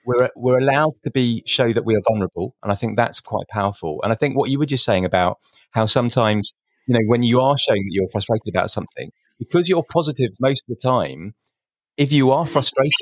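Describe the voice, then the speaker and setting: A man's voice: mid-range voice, no room sound. A man interviewing a guest, talking in an earnest, thoughtful way with frequent fillers. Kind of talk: conversational interview.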